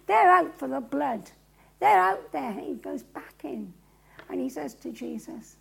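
A woman preacher with a gravelly voice, dramatically retelling a story to a live audience. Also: high-pitched, lively intonation, unhurried, poor audio.

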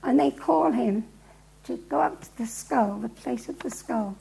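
A woman preacher with a gravelly voice, dramatically retelling a story to a live audience. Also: a little high, a little slow, warm tone, poor audio.

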